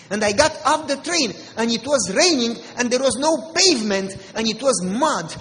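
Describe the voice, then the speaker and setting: A man with a Romanian accent, a pastor preaching an animated storytelling sermon with mimicked voices. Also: very high-pitched, normal speed, big-room sound, slight background noise, rough recording.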